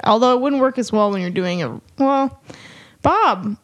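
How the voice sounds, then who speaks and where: A woman's voice: mid-range voice, fast, very noisy. A woman co-hosting a podcast in casual chat, playful and giggly, talking very close to the mic. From American South. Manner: playful, giggly, sings silly filler sounds. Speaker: podcast co-host.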